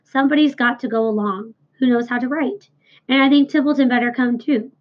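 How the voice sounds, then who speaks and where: A wise female spider speaks in a soft, measured voice, played by a woman reader. The pitch sits a bit high. The recording is muffled and lo-fi. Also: fairly even intonation, natural voice. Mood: decisive. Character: calm, clever female spider, gentle and decisive. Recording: dull lo-fi recording, a little distant at times.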